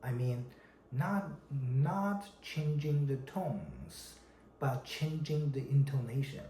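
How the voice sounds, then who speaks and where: Chinese guy teaching mandarin, slow and deliberate, repeats words, roomy echo and a faint hum behind. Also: mid-range voice, lively intonation, dark tone. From China. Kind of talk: language lesson. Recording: echoey room with faint background noise.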